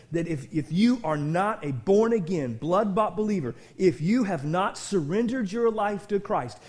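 Middle-aged male pastor, very high voice, fervent sermon delivery, shouts then drops to near-whisper, repeats words for emphasis. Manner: impassioned preaching, swinging from shouts to hushed tones; repeats and restarts words in fervor.

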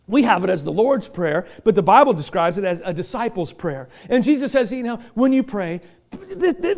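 A middle-aged man preaching a sermon to his congregation in church. He speaks with passion, often shouting, and stumbles through restarts with self-deprecating humor. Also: sits high, big pitch swings, a little fast. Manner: impassioned, repeatedly shouting. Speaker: pastor.

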